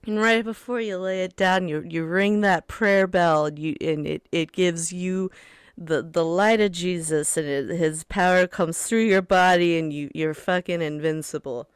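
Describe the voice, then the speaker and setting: A playful woman co-hosts a podcast, improvising with giggles and rambling asides. Her voice is smooth and clear. It is recorded dry, close to a studio mic. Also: lowish voice, measured pace, no echo. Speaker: podcast co-host. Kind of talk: casual improv chat.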